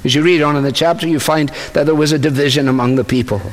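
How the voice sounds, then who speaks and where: A man's voice: a little high, fairly even intonation, fast. Male preacher in a reverberant hall. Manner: conversational expository preaching with asides. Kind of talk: sermon.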